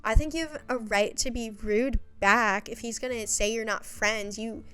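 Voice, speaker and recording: A woman's voice: a little high, fairly even intonation, moderate pace, fairly bright tone, clean tone, faint music behind. A young woman giving a casual, chatty recap of a web series, full of sassy, exasperated asides.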